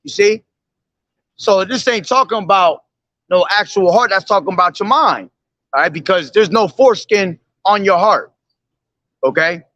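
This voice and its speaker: High, bright-voiced man street preaching. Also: no echo, muffled recording. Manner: reads verses slowly then explains with repeated "okay?" and "all right?". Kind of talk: street preaching, reading and explaining scripture.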